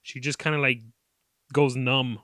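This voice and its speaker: A man's voice: mid-range voice, measured pace, dry recording, clean studio sound. A man in his late twenties hosting a casual podcast, telling a story with lots of swearing and laughter. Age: 20s. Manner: profane, animated, laughs often. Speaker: podcast host.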